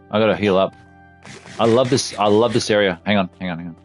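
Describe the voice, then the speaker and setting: A fairly low-voiced man streaming a game, talking casually and loosely. He curses freely and bursts into loud yelps whenever something jumps out at him. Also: fairly quick, faint music behind. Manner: excitable, swears, yelps at surprises. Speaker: let's play streamer. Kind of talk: casual gameplay commentary.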